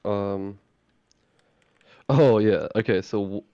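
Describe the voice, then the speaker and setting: Low-voiced man on a dull lo-fi mic. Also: slow pace, dry recording. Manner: laid-back, agreeable, short replies. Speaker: podcast co-host. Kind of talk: casual chat.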